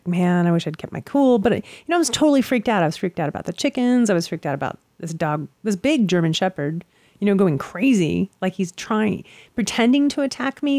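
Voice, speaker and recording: In casual chat, a woman tells a story animatedly, swearing freely as she acts out what people said. Her pitch is fairly low, and there's no room sound.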